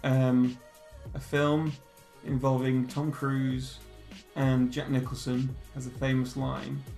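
A man's voice: mid-range voice, monotone, slow, vocal fry, a little mellow, soft background music. A man hosting a podcast, reading riddles in a teasing, giggly way that keeps slipping into laughter. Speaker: podcast host. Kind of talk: casual riddle chat.

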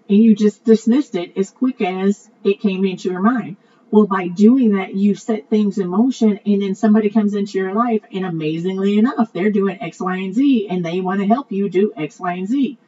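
A woman's voice: medium pitch, moderate pace, warm tone. A woman earnestly telling a long personal story in an emotional monologue, rambling and repeating her words. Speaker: vlogger sharing a personal story. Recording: dull lo-fi audio with faint ambient noise.

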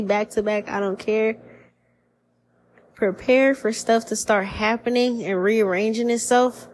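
A woman giving a casual spiritual reading on a podcast, talking in slangy, profane, animated bursts. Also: a little high, rough recording. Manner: profane, slangy, animated storytelling with put-on quoted voices. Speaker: tarot reader.

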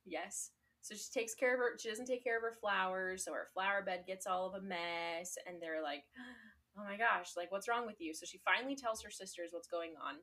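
A woman's voice: medium pitch, a little fast, hardly any pauses, pushed and bright. A young woman in casual conversation on a podcast, retelling a tale in a chatty way. She leans on "like" and fillers as she goes and laughs often. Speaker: podcast co-host. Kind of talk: casual chat.

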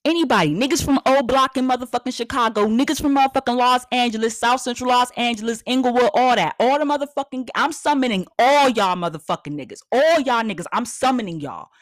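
A woman's voice: a little high, quick pace, few pauses, dry recording, clean studio sound. A woman hosts a podcast in a blunt, profane, repetitive rant. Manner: profane, blunt, repeats herself for emphasis. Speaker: podcast host. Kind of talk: casual ranting monologue.

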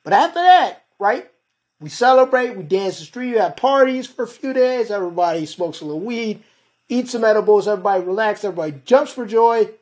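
A woman's voice: mid-range voice, fairly quick, darkish tone. A woman podcast host delivering a heated, profane monologue and calling her listeners "folks". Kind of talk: ranting monologue.

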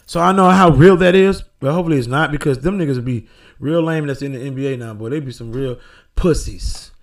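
A man's voice: mid-range voice, brisk. A man hosting a podcast, rambling through a casual monologue with lots of profanity. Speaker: podcast host.

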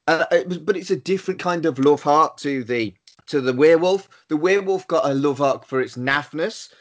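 A man's voice: on the high side, moderate pace. A man co-hosting a casual film chat, thoughtful and dry, with hesitant restarts. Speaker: podcast co-host.

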